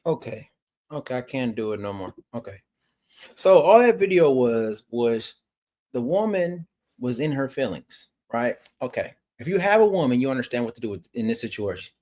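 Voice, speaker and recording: A man's voice: medium pitch, big pitch swings, moderate pace, darkish tone. A man hosting a reaction video, lecturing the viewer emphatically and repeating his points. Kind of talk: reaction commentary.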